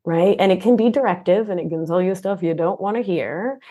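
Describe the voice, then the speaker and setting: Woman expert guest, lower voice, lively and explanatory. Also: a little fast. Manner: animated, expressive explainer, often asks "right?". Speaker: podcast guest, nurse practitioner and coach. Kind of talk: conversational interview.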